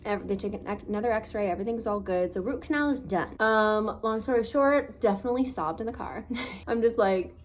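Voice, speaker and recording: A woman's voice: medium pitch, animated, fairly quick, few pauses, a little hiss or hum, poor audio. A woman vlogger telling a personal story to camera in a casual, chatty way, full of "like" fillers, talking through a swollen, sore face. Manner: earnest, faith-minded reflection.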